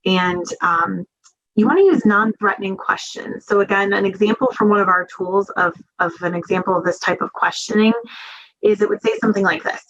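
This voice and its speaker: A woman's voice: mid-range voice, brisk, fairly bright tone, lo-fi sound. A woman giving a webinar training talk in an earnest, conversational way, with many fillers, over a video call. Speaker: webinar presenter.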